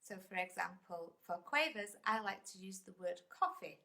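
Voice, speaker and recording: A woman's voice: medium pitch, expressive, normal speed, vocal fry, sharp tone. A woman music teacher giving a patient, encouraging lesson and counting rhythms aloud.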